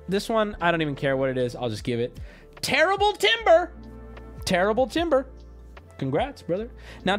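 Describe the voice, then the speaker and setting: Animated swearing male streamer. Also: on the high side. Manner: animated, swearing, jumps between loud bursts and mumbling. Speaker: streamer opening card packs. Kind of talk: casual live-stream chat.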